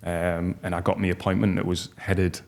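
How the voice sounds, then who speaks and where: Man, 40s, gravelly and very low, flat delivery, halting heartfelt storytelling. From North East England. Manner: halting, heartfelt, many restarts. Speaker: podcast guest. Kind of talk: personal storytelling.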